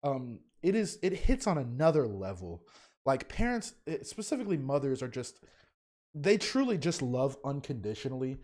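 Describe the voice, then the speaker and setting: Emotional man with a lively, halting voice. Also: mid-range voice. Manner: emotional, halting, many restarts and fillers. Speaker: reaction video host; teacher. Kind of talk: casual fan commentary.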